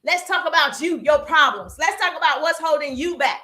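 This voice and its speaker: A woman from the American South with a Southern accent, a business coach giving an energetic motivational talk on a live stream, repeating phrases and speaking straight to her viewers. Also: high voice, normal speed.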